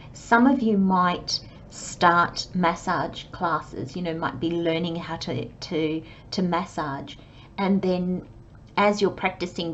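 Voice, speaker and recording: A woman giving a channelled tarot reading, talking in a gentle, chatty way and acting out little imagined conversations. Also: fairly low pitch. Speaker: tarot reader. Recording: slightly dull, faint background hiss.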